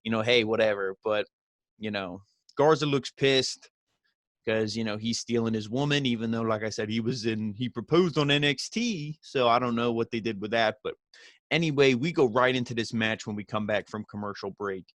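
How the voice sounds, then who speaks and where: A man's voice: mid-range voice, normal speed, no echo. A man giving a casual, rambling recap of a wrestling show, full of fillers and the odd swear word.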